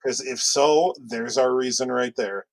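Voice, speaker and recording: Chatty podcast co-host, dry sound. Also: male voice, mid-range voice, no echo, rough recording. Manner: chatty, rambling with restarts and quick asides. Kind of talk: casual chat.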